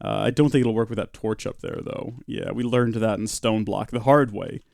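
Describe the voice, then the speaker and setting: A man's voice: fairly low pitch, fairly even intonation, normal speed, vocal fry, a little mellow, no echo, studio quality. A young man casually commenting on his game live, chatty and self-mocking as he answers his chat. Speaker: game streamer. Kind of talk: casual live-stream commentary while playing.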